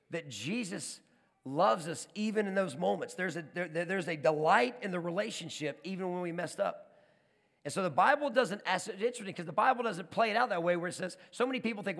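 Man preaching, lively storytelling, lots of restarts, big hall reverb. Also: sits high, fairly quick, gravelly. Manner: animated storytelling, repeats words and restarts. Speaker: pastor. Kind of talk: sermon.

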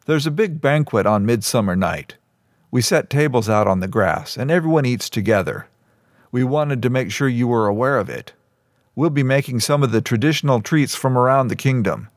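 A man reading a story voices a friendly male camp cook, warm in his words and encouraging. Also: mid-range voice, lively intonation, normal speed, no echo, studio quality, lightly acted.

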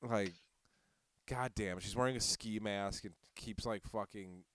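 Crude, smooth-voiced Midwestern guy telling stories. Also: on the low side, measured pace, fairly bright tone. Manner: crude, profane storytelling with many fillers. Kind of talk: casual podcast chat.

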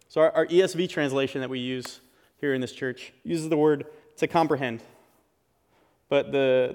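A man's voice: mid-range voice, steady tone, normal speed, darkish tone, clean tone. A male pastor giving an earnest, conversational sermon in a church, often restarting his phrases as he builds a point. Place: church sanctuary. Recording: long hall reverb.

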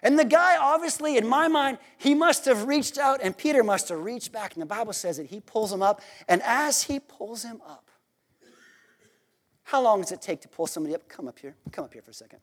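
A man preaching a sermon in an animated, worked-up and jokey way. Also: extremely high pitch, brisk.

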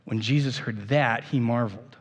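A man's voice: mid-range voice, moderate pace, breathy edge, in a large hall. A man preaching a sermon as pastor in a casual, conversational way, often restarting his phrases.

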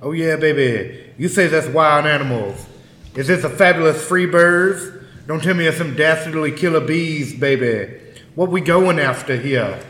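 A man's voice: fairly high pitch, moderate pace, a bit bright. A brash, drawling man taking his turn in a tabletop game, tossing out "baby" at every turn. His voice echoes around a room with a long, ringing tail. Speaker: player.

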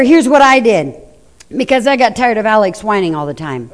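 A woman's voice: medium pitch, big pitch swings, moderate pace. A middle-aged woman preaching a sermon, telling stories and talking directly to the congregation. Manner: conversational, anecdotal, addresses the congregation. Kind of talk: sermon with storytelling. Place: church hall. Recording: echoey hall reverb.

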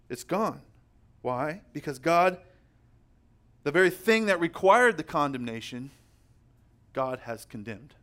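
A young man delivers a sermon as a pastor, his voice sitting a little high for a man. He preaches emphatically, slowing down to press on the words that matter. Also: animated, a bit bright. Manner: emphatic, slows down to stress key words.

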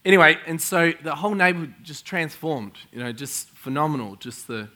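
Excitable preacher with a bright voice. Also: male voice, on the high side, brisk. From Australia. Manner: energetic, excitable storyteller, chuckling often. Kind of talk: sermon with storytelling. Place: church in front of a congregation.

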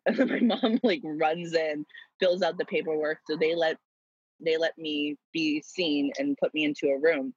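A young woman with a husky, slightly low voice tells a personal story with lively, dramatic flair and frequent laughter. The recording sounds dull and dry. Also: normal speed, no echo. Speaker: guest telling a story.

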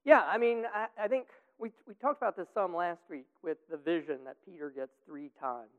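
Over a tinny, phone-like line with long reverb, a man leads a group Bible study discussion, casual and rambling with many fillers. His voice sits high and runs a little fast.

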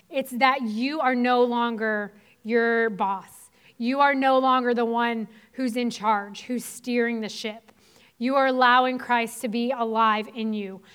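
Clear-voiced woman preaching casually. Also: on the high side, fairly bright tone. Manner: casual conversational preaching with many fillers. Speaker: pastor's wife preaching. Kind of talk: sermon.

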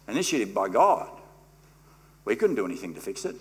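High-voiced man preaching a sermon. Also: huge pitch swings, normal speed. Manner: emphatic preaching that swings between quiet and loud; leads the congregation in call-and-response. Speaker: pastor.

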